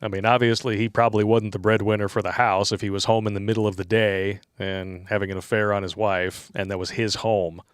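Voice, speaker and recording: A man's voice: fairly low pitch, little pitch movement, brisk, hardly any pauses, clean tone, no echo, studio quality. A man co-hosting a live stream, reading viewer chat aloud and commenting sarcastically, often laughing at his own jokes.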